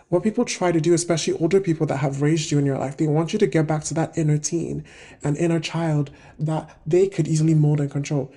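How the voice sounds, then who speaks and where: Hosting a self-help video, a woman in her twenties reflects casually on her thoughts, pausing often to find her words. Her voice is low-pitched with a dark tone.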